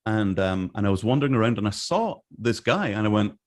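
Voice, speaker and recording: A man's voice: lowish voice, brisk. A middle-aged man from Scotland, telling stories in a casual interview and acting out what others said. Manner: animated, acts out quoted voices. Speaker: interview guest. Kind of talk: casual storytelling.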